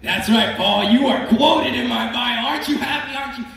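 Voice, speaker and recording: A preacher doing a casual young believer. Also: male voice, extremely high pitch, moderate pace, gravelly, bright, forceful tone, pitched above the performer's own voice, exaggerated voice. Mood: boastful. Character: casual young male believer, boastful about his phone. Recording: echoey hall from far off with music.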